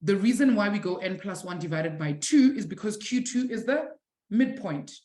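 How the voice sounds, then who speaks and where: A woman from South Africa teaching a live online maths lesson, encouraging her students warmly and calling them affectionate names. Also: medium pitch, expressive, normal speed, echoey room. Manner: warm, encouraging, calls students "my sweetie".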